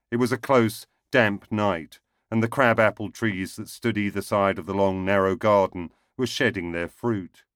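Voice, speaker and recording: A man reads a short story aloud in a wry, understated way. His voice sits low. The recording is dry and close-miked. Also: fairly bright tone, dry recording. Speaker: narrator.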